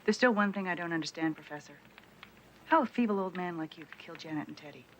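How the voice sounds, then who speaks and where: A woman's voice: lowish voice, fast talker, highs cut off, a little hiss or hum, natural voice. A woman playing a level-headed woman detective. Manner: calm, sharp-witted, matter-of-fact. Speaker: police detective.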